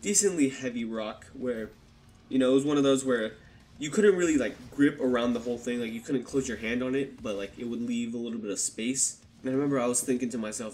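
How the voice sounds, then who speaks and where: A man's voice: medium pitch, fast talker, darkish tone. A young man talks straight into a desktop microphone and tells a story from his childhood. He keeps it casual and swears a lot. He slips into the voices of the people in the story as he goes. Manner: casual, swears heavily, acts out quotes. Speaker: YouTuber telling a personal story. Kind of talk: storytime vlog. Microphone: desktop USB microphone.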